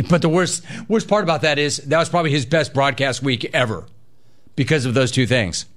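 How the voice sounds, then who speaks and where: Animated, teasing sports talk host man. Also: medium pitch, moderate pace. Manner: animated, mocking, repeats phrases for effect. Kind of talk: casual sports talk with listener emails.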